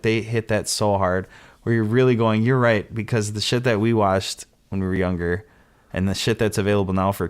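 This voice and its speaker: An American man on a podcast telling rambling, swear-filled stories with lively emphasis. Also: fairly low pitch. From United States. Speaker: podcast host. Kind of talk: casual podcast chat.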